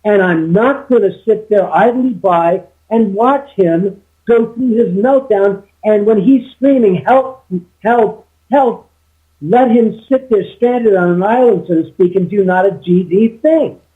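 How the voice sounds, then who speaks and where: A man's voice: high-pitched, measured pace. A man as an interview guest, telling a long story with many restarts and quoted dialogue. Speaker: guest, homeowner. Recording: tinny phone line.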